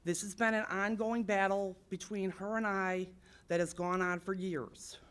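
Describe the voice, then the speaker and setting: A woman's voice: medium pitch, fairly even intonation, unhurried, a bit bright, clean tone. A woman speaking at public comment in a village council meeting, upset and insistent, apologizing for her emotion while pressing her complaint.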